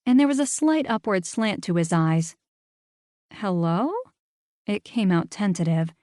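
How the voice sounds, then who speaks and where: Woman narrator, mid pitch, wry first-person reading, dry studio sound. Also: a little mellow, no echo. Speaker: audiobook narrator.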